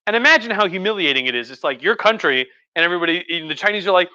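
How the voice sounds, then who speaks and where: A man's voice: sits high, expressive, racing, sharp tone, no room sound, highs cut off. A man giving a tipsy, rambling history talk on a live stream. He swears a lot and slips into mocking voices. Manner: profane, rambling, with acted mock voices. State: drinking wine. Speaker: history lecturer. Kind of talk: tipsy casual history rant.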